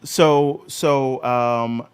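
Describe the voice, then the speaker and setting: A man's voice: medium pitch, fairly even intonation, drawn-out words, clear, resonant tone. A man co-hosting a gaming podcast, chatting casually and rambling with many fillers and restarts. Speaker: podcast co-host.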